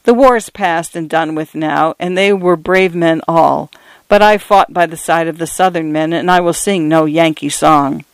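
A man's voice: fairly high pitch, clean tone, no room sound, natural voice. A man voicing a stern blind old veteran. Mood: grave. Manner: grave, measured and unyielding. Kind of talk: storybook character voice.

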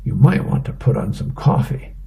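Young boy, read by a man, comic strip, matter-of-fact, dark gravelly voice. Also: mid-range voice, sing-song, normal speed. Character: bored young boy making plans.

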